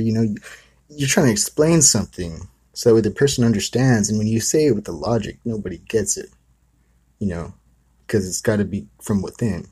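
Man, husky voice, low pitch, rambling casual storytelling, conversational asides. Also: darkish tone. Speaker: host.

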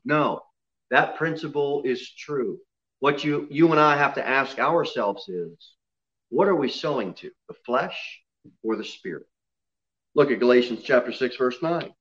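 A man preaching an expository sermon in a church, dropping low and quiet on solemn lines and rising loud on emphasis. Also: animated, unhurried, dull audio. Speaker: pastor. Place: church sanctuary.

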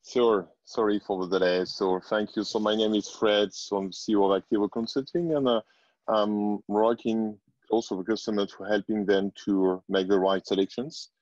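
A man's voice: lowish voice, fairly even intonation, normal speed, a little mellow, no echo. A man introducing himself politely on a webinar, heard over a dry, lo-fi video call. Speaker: consulting CEO and webinar panelist.

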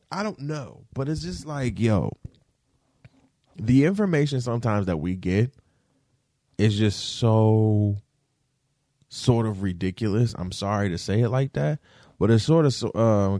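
A man talking in a casual rant, animated, swearing freely and tossing in fillers like "you feel me". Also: fairly low pitch, no echo, clean studio sound. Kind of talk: casual rant, podcast-style chat.

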